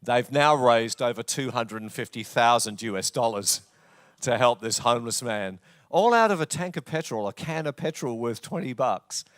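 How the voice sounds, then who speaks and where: A man's voice: mid-range voice, lively intonation, normal speed, no echo, clean studio sound. A male pastor with an Australian accent preaching a sermon, telling stories with jokey asides. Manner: jokey, storytelling, warm asides. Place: church.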